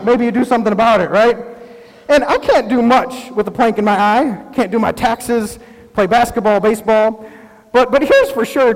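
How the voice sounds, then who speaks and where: Guy pastor preaching, super high voice, chatty with little acted bits, big echoey church. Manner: conversational, with asides and quick acted-out quotes. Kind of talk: sermon. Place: church sanctuary. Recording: long reverb of a large hall.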